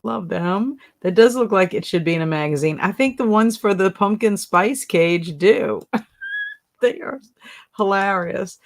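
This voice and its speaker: At a measured pace and in a mid-range voice, this woman runs a relaxed livestream. She laughs a lot, lets out frequent exclamations, and reads out what viewers type in chat.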